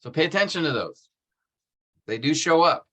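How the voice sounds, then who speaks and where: A man's voice: on the high side, expressive, normal speed, sharp tone, breathy edge. A man teaching a seminary class over a video call, explaining step by step and checking in with "right?". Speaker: seminary instructor.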